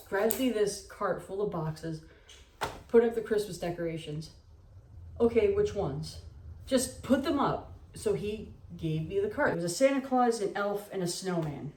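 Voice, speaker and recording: A young woman telling stories from her life in a lively, casual way, acting out the people she quotes and swearing freely. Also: mid-range voice, recorded from a distance. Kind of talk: casual storytelling. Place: home kitchen. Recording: echoey room.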